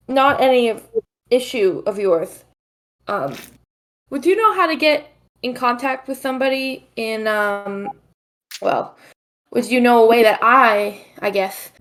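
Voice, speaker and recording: A woman's voice: on the high side, a bit bright. A woman playing a young female adventurer with a lisp, hesitant and searching for words. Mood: polite.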